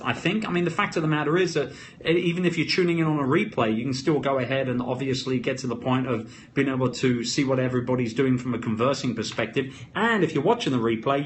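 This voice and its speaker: A man's voice: medium pitch, a little fast, a little hiss or hum. Upbeat man hosting a phone livestream. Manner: energetic, chatty, enthusiastic. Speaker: live-stream host. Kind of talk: casual live stream chat, reading viewer comments. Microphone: phone propped against a computer.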